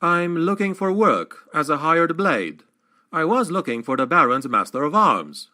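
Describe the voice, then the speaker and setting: A man's voice: fairly high pitch, very animated, unhurried, bright, forceful tone, voice pushed up, full character voice. A man voicing a young human swordsman in an audiobook, earnest and wary.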